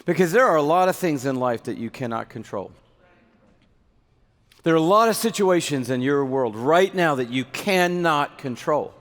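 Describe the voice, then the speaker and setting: A man's voice: a little high, animated, moderate pace. Earnest male preacher in a reverberant hall. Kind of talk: sermon.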